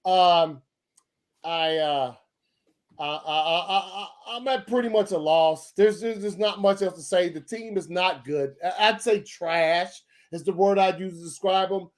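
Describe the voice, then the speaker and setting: High-voiced man ranting. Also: a little slow. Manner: heated, profane, stammering restarts. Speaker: podcast co-host. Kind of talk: casual sports podcast rant.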